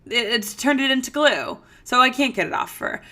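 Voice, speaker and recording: A woman in her thirties hosting a podcast, telling a story in a chatty, animated way with lots of fillers. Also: high-pitched, normal speed. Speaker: podcast host. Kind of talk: casual storytelling monologue.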